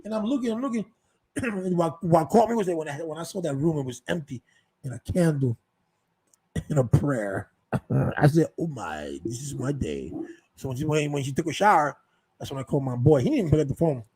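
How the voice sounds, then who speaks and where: A man's voice: a little high, brisk, mellow, slightly rough, low-quality recording. A man telling a rambling, profane story in a casual monologue, full of restarts and repeated words. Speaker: show host telling stories.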